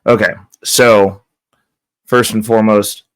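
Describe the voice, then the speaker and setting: A man with a low, dry voice hosts his own crypto channel from close to the mic. He sounds stuffy and his voice is nearly spent. He still rambles along casually, full of fillers and restarts, with an upbeat push toward his viewers. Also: level tone, slow pace, fairly bright tone, smooth, dry recording. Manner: loose and rambling, with many fillers and self-corrections. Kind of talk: casual talk to camera.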